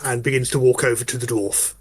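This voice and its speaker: A man's voice: mid-range voice, fairly even intonation, fast talker, slightly rough. A man narrating a tabletop game as game master, with hesitant, filler-heavy narration.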